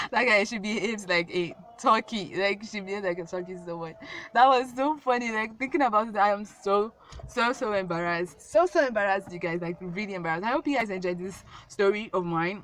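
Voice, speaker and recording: A woman's voice: medium pitch, a little fast, fairly bright tone. A young woman telling a casual storytime vlog, rambling and repeating herself with many fillers. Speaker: vlogger.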